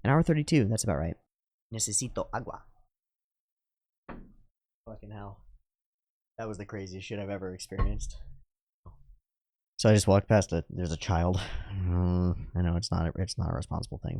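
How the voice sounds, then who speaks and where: Low-voiced man rambling while high. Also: brisk, gravelly, pauses often, darkish tone, dry recording, studio quality. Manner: meandering, profane, philosophical. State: high on drugs. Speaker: YouTuber. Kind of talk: rambling monologue. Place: at home.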